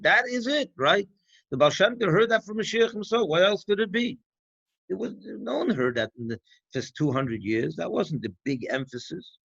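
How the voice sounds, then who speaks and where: A man's fairly high voice with a lilt, talking through a teaching session in a loose, conversational way. He keeps firing off rhetorical questions and circling back to restart his thoughts. The recording sounds dull and dry. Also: gravelly, a bit bright, breathy edge, no room sound. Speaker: rabbi. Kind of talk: farbrengen talk.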